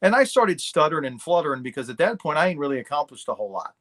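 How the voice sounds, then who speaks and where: A man's voice: on the high side, sing-song, very fast, fairly bright tone. A middle-aged man talking candidly and bluntly as a guest in a casual interview. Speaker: podcast guest.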